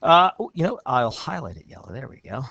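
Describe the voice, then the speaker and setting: A man's voice: mid-range voice, very animated, brisk, creaky, pushed and bright, no echo, muffled recording. A male teacher walks through a student essay in a recorded lesson, reading passages aloud and commenting with upbeat energy. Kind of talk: recorded lesson with screen walkthrough.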